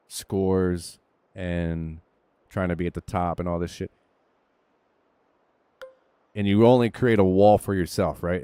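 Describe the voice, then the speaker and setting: A gaming streamer whose voice sits low and a bit mellow talks through his golf video game shots. His casual commentary is candid and self-coaching, with occasional swearing and no room sound.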